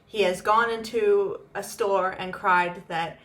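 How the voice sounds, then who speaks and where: A woman co-hosting a podcast in a casual chat, agreeing dryly and adding quick asides. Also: medium pitch, fairly even intonation, fairly bright tone. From outside the United States. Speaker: podcast co-host.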